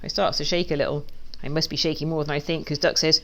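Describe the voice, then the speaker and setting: A woman's voice: sits low, fast talker. Woman reading a children's story aloud. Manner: lively, playful read-aloud. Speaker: children's author.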